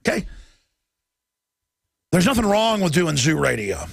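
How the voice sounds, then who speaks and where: A male radio talk show host delivering a combative, mocking monologue with a raspy, gravelly voice. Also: fairly high pitch, very animated, measured pace, dry recording.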